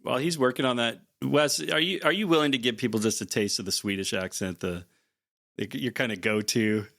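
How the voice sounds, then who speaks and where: A man's voice: mid-range voice, fairly quick, creaky, fairly bright tone. Brief: upbeat male co-host in casual podcast chat, mid-range voice, restarts and repeats his words.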